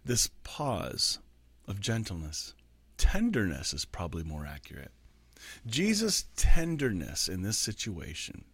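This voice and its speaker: A male pastor with a lowish voice talks through a reflective faith message, earnest and conversational, stopping to think with frequent ums. The sound is dry and close, with no room echo around it. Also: sing-song, takes it slowly, pauses often, fairly bright tone, breathy edge.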